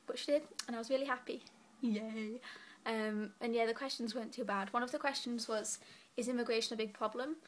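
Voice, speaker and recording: A late-teen student vlogger lies in bed in her bedroom, chatting casually to the camera, giggly, rambling, and a bit out of breath. Her voice is a little high and steady, and brisk, with slight background noise.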